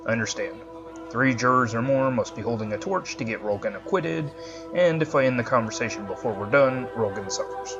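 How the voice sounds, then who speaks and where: A man's voice: medium pitch, a little fast, music in the background. A man hosting a let's play, giving chatty, friendly commentary on the game. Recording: slightly dull, muffled recording.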